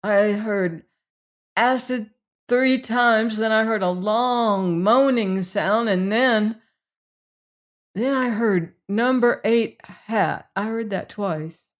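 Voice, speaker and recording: A woman's voice: on the high side, slow, pitched above the performer's own voice. A woman reading an audiobook, voicing a hysterical male prisoner who shrieks and gasps out repeated cries. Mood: shaken.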